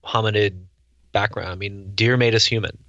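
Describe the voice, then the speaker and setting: A man's voice: on the low side, steady tone, moderate pace, fairly bright tone, no room sound, lo-fi sound. A middle-aged man, a guest on a podcast, talking casually with dry wry humor and sometimes acting out other people's voices. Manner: dry, wry storyteller who acts out voices. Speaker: guest chef and hunter. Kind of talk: casual interview chat.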